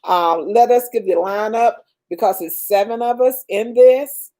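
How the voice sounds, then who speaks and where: An older woman chats slowly on a home livestream, drawing out her words with a mellow, dark tone. She laughs often and sprinkles in praise and blessings as she answers viewers. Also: fairly high pitch. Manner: slow, drawn-out and warmly religious, laughing often. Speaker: livestream host reading viewer comments. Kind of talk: casual livestream chat.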